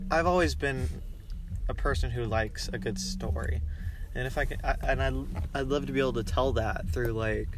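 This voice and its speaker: A man hosting a casual podcast, talking haltingly with many restarts. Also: mid-range voice, noisy background. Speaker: podcast host. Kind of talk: casual chat.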